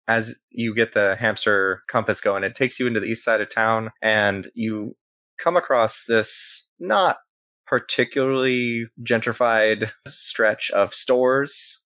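A man narrating as game master of a tabletop role-playing game, in a quick, loose manner. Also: fairly low pitch, pushed and bright, no room sound.

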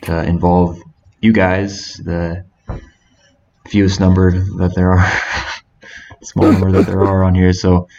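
A man's voice: low voice, completely flat delivery, slow pace, long pauses, darkish tone. A man co-hosting a casual podcast, talking in a rambling, laid-back way with lots of fillers. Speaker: podcast co-host. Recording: dull lo-fi podcast audio.

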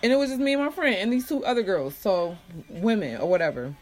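A woman's voice: medium pitch, fast. Profane young woman telling a story. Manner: profane, animated retelling with quoted voices. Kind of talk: casual storytelling.

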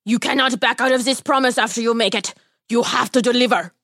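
A woman voicing a tiny bearded male magical trickster who speaks slowly and solemnly. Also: fairly high pitch, fairly even intonation, a bit bright, dry recording, studio quality.

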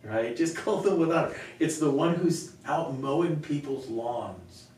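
A male pastor talking earnestly in a conversational Q&A, telling stories with gentle laughs. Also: animated, unhurried. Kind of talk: conversational Q&A teaching. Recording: echoey room, mic far off, faint rumble.

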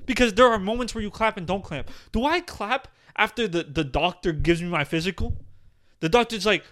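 A young man co-hosting a casual podcast, talking in an animated, emphatic way and swearing often. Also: sits high, brisk. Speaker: podcast co-host.

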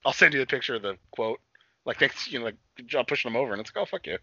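A young man co-hosting a casual podcast, swearing freely and rambling through a recap while acting out characters in quick voices. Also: mid-range voice, sharp tone, slightly rough. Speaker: podcast co-host. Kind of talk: casual profane chat recapping a TV episode. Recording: dull lo-fi sound.

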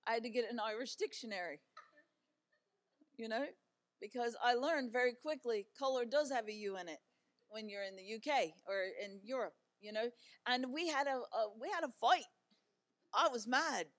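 A woman's voice: fairly high pitch, moderate pace. A middle-aged woman giving an encouraging talk as a guest speaker, telling stories in a chatty way with fillers and light humor.

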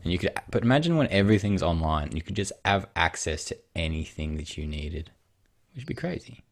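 A man's voice: sits low, big pitch swings, a little fast. A man in casual chat, musing aloud and often trailing off and restarting.

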